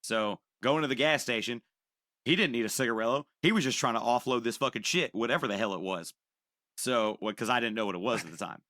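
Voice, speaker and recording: A young man on a podcast telling a profane, animated story and acting out the people in it. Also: medium pitch, quick pace, no room sound, clean studio sound. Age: young adult. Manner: animated, profane, acts out quoted voices. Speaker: podcast co-host. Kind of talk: casual storytelling.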